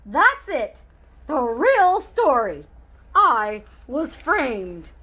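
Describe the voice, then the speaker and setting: A woman's voice: very high voice, sing-song, normal speed, pushed and bright, exaggerated voice, poor audio. A woman reading as a chatty, wry wolf storyteller. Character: boastful male wolf telling his side. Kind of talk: children's book read-aloud.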